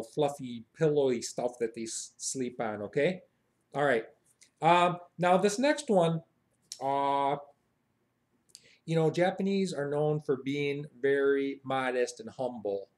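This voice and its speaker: A man's voice: mid-range voice, a little slow, a little mellow. An American man hosting a satirical phrase lesson in a chatty, mock-boastful way. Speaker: satirical video host.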